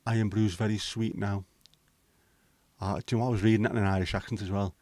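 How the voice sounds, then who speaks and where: Chatty man, low voice. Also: flat delivery, quick pace, pauses often, a little mellow, no echo. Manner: chatty, swears casually, banters with viewers. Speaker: livestream host. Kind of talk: casual chat reading viewer comments.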